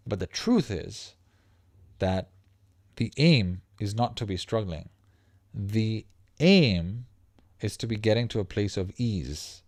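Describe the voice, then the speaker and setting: A man hosting a casual livestream as a life coach, talking in a profane, animated way that breaks into laughs mid-sentence. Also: on the low side, no echo, clean studio sound.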